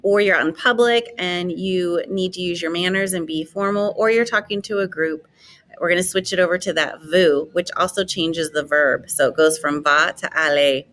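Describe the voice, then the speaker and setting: Bright-voiced woman teaching a lesson. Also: on the low side, slight background noise. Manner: models words slowly and clearly for repetition. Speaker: French teacher. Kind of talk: classroom language lesson.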